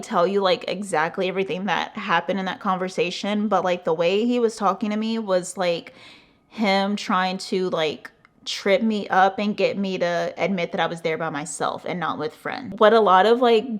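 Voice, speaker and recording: A young woman from the United States telling a casual storytime on her channel, animated and swearing freely, acting out the other person's lines and padding her talk with "like". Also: fairly low pitch. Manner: animated, swearing, acting out quotes, frequent "like" fillers. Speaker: vlogger.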